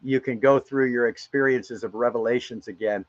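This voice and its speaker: A man's voice: medium pitch, steady tone, normal speed, lo-fi sound. A man speaking in a casual, emphatic way on a spiritual live stream, rambling and often repeating words as he talks.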